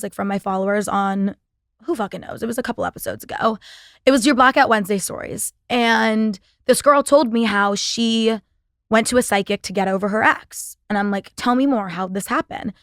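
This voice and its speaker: A woman's voice: on the high side, no echo, studio quality. A young woman hosting a podcast, talking in a sarcastic, profane, rambling casual monologue. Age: young adult. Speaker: podcast host.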